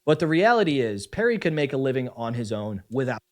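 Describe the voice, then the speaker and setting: A man narrating a scripted commentary video in a measured, argumentative way. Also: mid-range voice, very animated.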